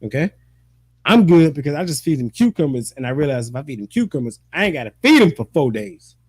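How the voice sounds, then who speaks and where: A man's voice: on the high side, big pitch swings, fast, husky, dry recording. A man hosting a casual chat, telling stories animatedly with lots of profane slang and frequent laughter. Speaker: podcast host.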